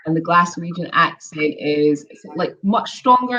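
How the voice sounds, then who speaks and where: A woman's voice: fairly low pitch, expressive, moderate pace, few pauses, bright, forceful tone. Chatty Scottish woman, Edinburgh accent. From Scotland. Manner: chatty, laughs often, many ums. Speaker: guest, former model. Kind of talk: casual interview. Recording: dull lo-fi audio.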